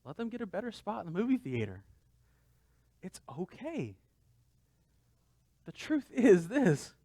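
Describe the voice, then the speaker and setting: A man's voice: sits high, sing-song, a little fast, warm tone, no room sound. A man pastor giving a conversational sermon, asking the congregation rhetorical questions.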